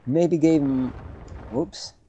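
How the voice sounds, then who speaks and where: A man's voice: on the high side, extremely slow, warm tone, slight background noise. A man streaming a game, telling a rambling story with dry humor and frequent self-corrections. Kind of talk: casual storytelling while streaming.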